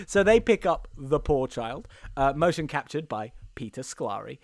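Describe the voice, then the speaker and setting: A man's voice: mid-range voice, sing-song, moderate pace, vocal fry, hardly any pauses, no room sound. A young man with many ums and laughs, recapping a film as a casual comedy podcast co-host.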